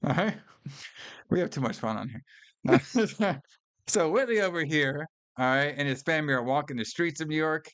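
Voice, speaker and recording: A man's voice: on the high side, expressive, normal speed, a bit bright, no room sound. A man co-hosting a casual film review podcast, talking loosely with plenty of swearing and laughter. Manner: loose, profane, laughs often, fond of "all right" and "brother". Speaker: podcast co-host.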